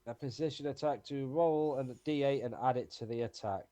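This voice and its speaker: A man's voice: medium pitch, brisk, mellow, slight background noise. A man playing a tabletop game, thinking aloud about his turn and sometimes hesitating. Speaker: player.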